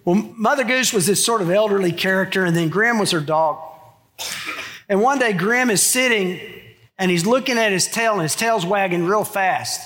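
A man's voice: sits high, moderate pace, fairly bright tone. A middle-aged man preaching a sermon in a church, conversational, with joking asides to the congregation. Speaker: pastor. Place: church sanctuary.

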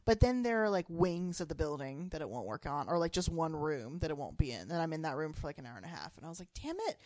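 A young adult woman co-hosting a podcast in casual chat, animated and giggly, filling her talk with "like". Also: sits low, quick pace, no echo, clean studio sound. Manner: animated, giggly, lots of "like" fillers. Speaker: podcast co-host.

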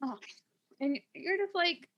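A woman co-hosting a casual book-talk show, lively and acting out characters' lines as she recaps. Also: very high voice, slow pace, lo-fi sound. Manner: animated, acts out characters' lines. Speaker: podcast co-host.

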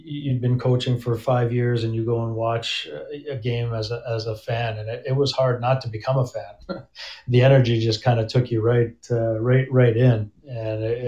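A man's voice: medium pitch, a little mellow. A man who is a hockey coach, chatting casually in an interview with many restarts and fillers. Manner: conversational, frequent restarts and fillers. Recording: roomy, dull remote audio.

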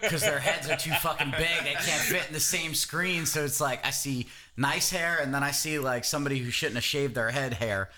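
A man's voice: on the high side, moderate pace, hardly any pauses, a loud crowd. A man co-hosting a podcast, telling a rambling story in crude, profane casual talk and laughing at himself. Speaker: podcast co-host.

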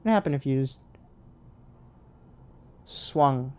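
A man's voice: mid-range voice, lively intonation, slow, clean tone. A young man co-hosting a casual chat, teasing his co-host and laughing easily. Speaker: podcast co-host.

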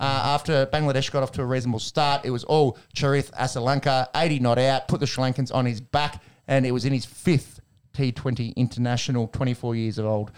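A man's voice: medium pitch, smooth. A man hosting a casual sports chat show, blokey and joking, with frequent laughs and the odd swear word. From Australia. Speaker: podcast host.

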